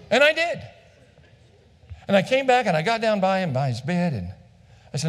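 A man's voice: high voice, huge pitch swings, moderate pace, pauses often, fairly bright tone. A male pastor telling a story in a sermon, acting out the dialogue and repeating phrases for effect. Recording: long reverb of a large hall.

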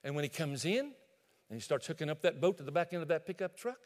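A male pastor preaching a sermon in an animated storytelling way, addressing listeners directly. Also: on the high side, fast, long reverb tail.

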